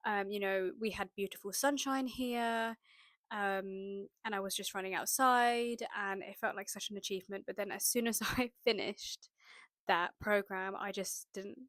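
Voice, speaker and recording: A young woman from the UK telling a personal story in a chatty, animated way, acting out her own thoughts as she goes. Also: mid-range voice, moderate pace, dry recording, clean studio sound. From United Kingdom. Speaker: manifestation vlogger. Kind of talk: casual storytelling to camera.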